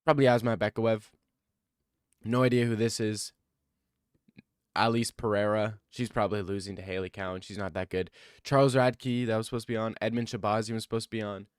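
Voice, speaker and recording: A man giving casual MMA commentary, thinking out loud and rambling, then breaking into excited rants. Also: on the low side, a little fast, clear, resonant tone, no echo, clean studio sound. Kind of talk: casual fight-card commentary.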